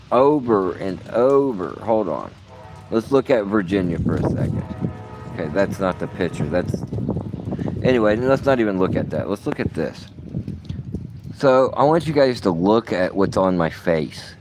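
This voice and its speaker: Background noise surrounds this fairly low-pitched man as he vlogs. Rambling and cursing, he alternates between muttered asides and outbursts.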